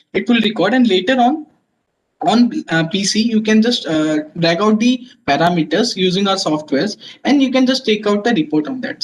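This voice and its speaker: Guy giving a tech webinar, kinda high voice, lots of uh's, faint hiss behind. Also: poor audio. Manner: explanatory, many fillers and restarts. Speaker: webinar presenter. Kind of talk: technical webinar lecture.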